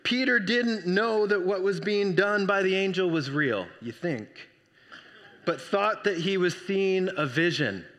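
A man preaching a sermon, telling the story with lively energy and acting out the voices. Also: high-pitched, a little slow, in a large hall. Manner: animated storytelling, acts out voices. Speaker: pastor.

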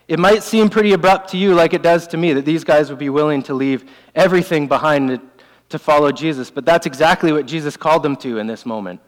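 A man preaches a sermon in an earnest, emphatic way, circling back to repeat his key lines. His voice sits a little high for a man. It carries a long reverb from a large church hall. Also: quick pace. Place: church sanctuary.

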